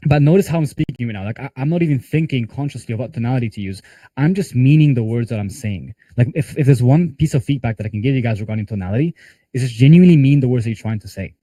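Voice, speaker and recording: Fast-talking man coaching a sales team. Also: medium pitch, lively intonation, warm tone, no echo. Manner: conversational, talks with hands-on examples and casual fillers. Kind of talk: live group training call.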